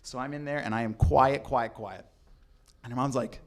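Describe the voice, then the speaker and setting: A young adult man telling a comedic true story, animated and acting out the people in it. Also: medium pitch, normal speed. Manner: animated, acts out voices in quotes.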